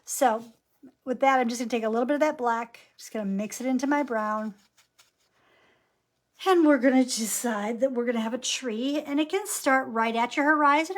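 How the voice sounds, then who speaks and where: In a high-pitched voice at a moderate pace, a woman leads a live painting lesson, chattily describing every brushstroke she makes as a painting instructor.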